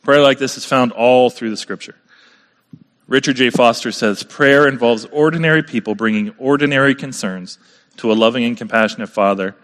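A man's voice: medium pitch, moderate pace, a bit bright. Guy preaching, chatty, asks the crowd questions, big echoey hall. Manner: conversational preaching with rhetorical questions. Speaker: pastor. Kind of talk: sermon.

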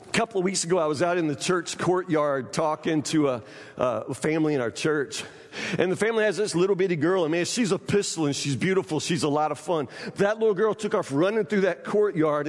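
A man preaching a sermon, emphatic and repeating phrases, often asking the congregation if they understand. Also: fairly high pitch. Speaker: pastor. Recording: church hall reverb.

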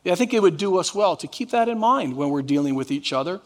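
A man's voice: sits high, animated, quick pace, in a large hall. A man preaching a sermon as pastor, drawing the congregation into call and response. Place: church sanctuary.

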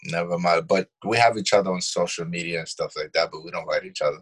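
Blunt, husky deep-voiced New York man. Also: fast talker, fairly bright tone. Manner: blunt, profane storytelling. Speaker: podcast co-host. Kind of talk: casual chat.

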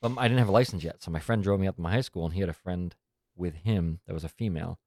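A man's voice: deep voice, quick pace, mellow, slight background noise. A middle-aged man co-hosting a casual podcast, telling a story with lots of swearing and laughter. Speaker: podcast co-host. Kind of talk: casual chat.

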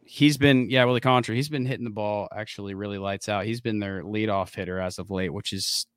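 A man co-hosting a sports podcast, chatting casually in an excitable, rambling way. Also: on the low side, brisk, clear, resonant tone, dry recording, studio quality. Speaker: podcast co-host.

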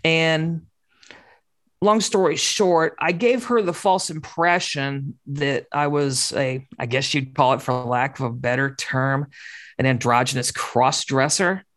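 A woman telling a personal story in casual conversation, swearing often and talking in an animated, candid way. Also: rumbling low, measured pace. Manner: swears constantly, animated, acts out quoted dialogue.

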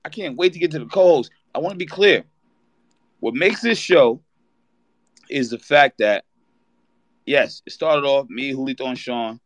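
A man co-hosting a fan show, ranting with heat and profanity, breaking into shouted bursts. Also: mid-range voice, normal speed, long pauses, no room sound. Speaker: podcast co-host. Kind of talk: heated fan rant on a live audio show.

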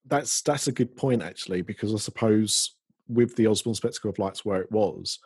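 A man's voice: fairly low pitch, moderate pace, darkish tone, slightly rough, no room sound. A British man hosting a casual podcast chat, rambling easily with many ums and restarts. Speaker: podcast host.

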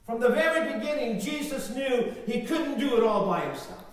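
A man preaching a sermon with emphatic, repetitive phrasing and big swings between quiet and loud, in a large church hall. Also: extremely high pitch, lively intonation, normal speed. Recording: echoey hall, voice from far off.

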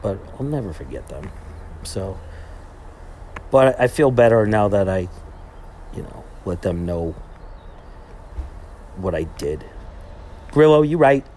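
A young man with a low-pitched voice chats through his podcast in a loose, meandering way. He restarts his sentences often and leans on fillers as he goes. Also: very animated, takes it slowly, pauses often, mellow, slight background noise. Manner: rambling, heavy on fillers and restarts. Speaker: podcast host. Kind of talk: casual monologue, retelling a trip.

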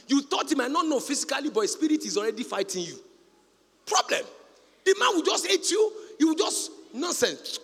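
High-pitched, shouting Nigerian preacher. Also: male voice, big pitch swings, fairly quick, gravelly, long reverb tail. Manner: shouting, sing-song preaching cadence. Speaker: pastor. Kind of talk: preaching a sermon.

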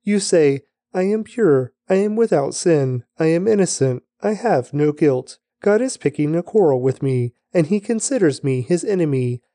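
A man reads scripture aloud in a measured, deliberate manner. His voice sits a little high but sounds soft and mellow. The sound is close and dry, with no room echo. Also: animated. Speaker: scripture reader. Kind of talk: scripture reading.

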